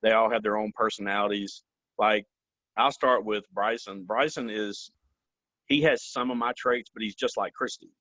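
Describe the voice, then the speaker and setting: A man's voice: fairly low pitch, fairly even intonation, moderate pace, a bit bright, no echo, highs cut off. Earnest guy on a video call, keeps saying "man" and "you know", dry close sound. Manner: earnest, repeats phrases, says "man" and "you know" often. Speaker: company vice president, interview guest. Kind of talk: candid interview answers.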